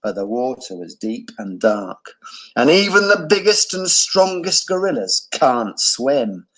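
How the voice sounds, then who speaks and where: A male teacher reading a children's picture book aloud, with expressive storytelling. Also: medium pitch, a little slow, poor audio.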